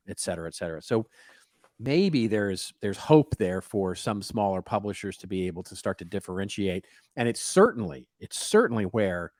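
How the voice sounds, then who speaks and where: A man's voice: lowish voice, no room sound, studio quality. A man co-hosting a casual podcast, reading news stories aloud and breaking in with wry asides. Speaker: podcast co-host.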